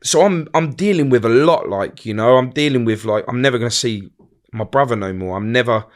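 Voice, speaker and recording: A middle-aged man telling a personal story in a blunt, halting way, often restarting his sentences and acting out other people's words. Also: mid-range voice. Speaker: guest.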